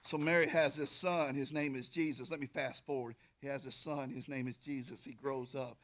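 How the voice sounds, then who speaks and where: A man preaching a sermon, telling a story with animated swings from shouting to whispering and calling out to the congregation. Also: mid-range voice, moderate pace. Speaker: pastor.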